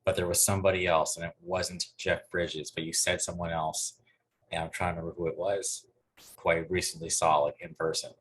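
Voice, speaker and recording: A man's voice: low voice, little pitch movement, a bit bright. A man co-hosting a casual podcast chat, rambling and cursing, cutting in often. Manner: rambling, profane, quick to jump in. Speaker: podcast co-host.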